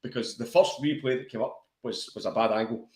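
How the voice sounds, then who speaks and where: A man's voice: medium pitch, fairly quick, darkish tone. A man with a Glasgow accent co-hosting a football podcast, chatting bluntly and swearing like a mate at the pub. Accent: Scottish, Glasgow area. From Scotland. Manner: blunt, swears freely, matey. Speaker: podcast co-host. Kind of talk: casual football chat. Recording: echoey room.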